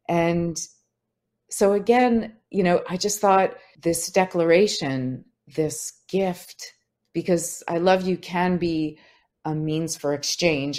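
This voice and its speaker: A woman's voice: on the low side, a little mellow. A woman author talking as a podcast guest, thoughtful and searching, with many "like" and "you know" fillers. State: tearing up. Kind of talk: reflective conversational interview.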